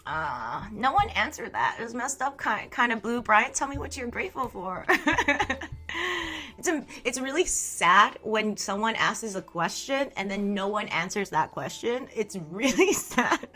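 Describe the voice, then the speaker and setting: A woman's voice: mid-range voice, big pitch swings, measured pace, sharp tone. A young woman streaming live, chatting casually with viewers, reading their messages aloud and laughing often.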